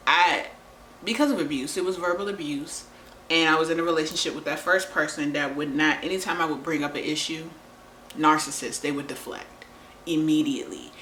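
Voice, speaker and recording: Blunt, lower-voiced woman in a roomy space. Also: fairly bright tone, a little hiss or hum. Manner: blunt and profane, laughs often. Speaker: vlogger. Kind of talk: candid relationship talk to camera. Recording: roomy echo.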